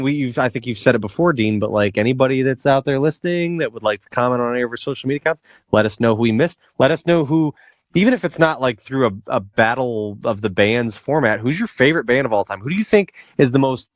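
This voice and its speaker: A man's voice: medium pitch, expressive, a little fast, no echo, studio quality. A man co-hosting a podcast, talking loosely and rambling in casual banter. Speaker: podcast co-host.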